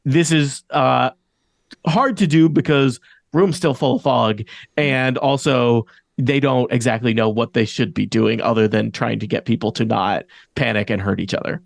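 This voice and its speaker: A man narrating as game master in a relaxed, chuckling, loosely improvised way. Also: medium pitch, moderate pace, gravelly, no echo, studio quality.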